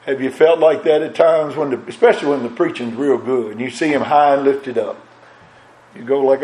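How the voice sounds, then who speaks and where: A man preaching with fervor, his voice pitched on the high side and rising and falling in an old-style preaching cadence. The sound rings around an echoey church room. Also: lively intonation, normal speed. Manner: impassioned preaching cadence, swelling and dropping. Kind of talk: sermon.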